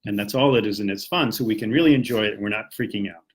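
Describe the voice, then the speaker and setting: A man's voice: lowish voice, fast talker, husky. A man from the United States teaching English on a casual live stream, encouraging viewers and reading their comments as he goes. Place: home, Japan.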